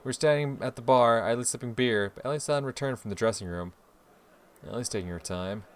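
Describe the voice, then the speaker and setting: A man's voice: mid-range voice, animated, quick pace, clean tone. A man hosting a game playthrough, reading the story aloud expressively with swearing asides. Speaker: let's play host.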